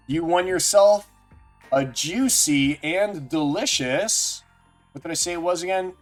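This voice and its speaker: A man's voice: fairly high pitch, normal speed. A man streaming live, chatting casually and jokily with viewers by name. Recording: faint music underneath.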